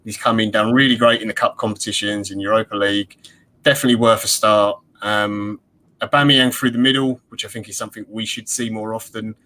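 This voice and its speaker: Bright-voiced man giving football opinions. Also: lowish voice, steady tone, a little fast, low-quality recording. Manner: upbeat, detailed opinions. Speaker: podcast guest. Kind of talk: casual football analysis chat.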